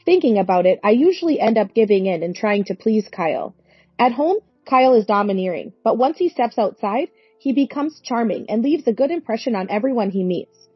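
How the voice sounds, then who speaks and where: A woman's voice: fairly high pitch, expressive, fairly quick, slightly rough, no echo, soft background music. A woman in her forties narrating a story in an earnest, plaintive way. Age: 40s. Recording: dry, dull lo-fi recording.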